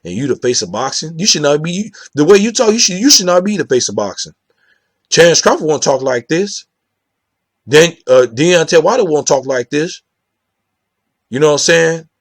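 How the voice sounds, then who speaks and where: Hosting his own boxing commentary channel, a man chats casually and ramblingly with viewers, restarting often, repeating "you know what I'm saying," and asking for their opinions as he addresses them directly. His voice is a little high and sing-song at a normal speed, recorded with clean studio sound and no room sound.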